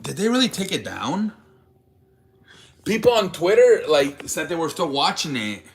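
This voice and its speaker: A man's voice: fairly high pitch, sing-song, normal speed. A man hosting a live sports stream, chatting casually with viewers in a rambling, profane way.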